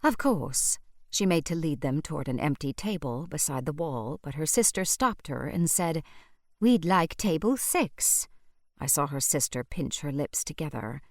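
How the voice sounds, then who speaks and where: A woman narrating an audiobook in a measured storytelling manner. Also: low-pitched, dry recording, studio quality.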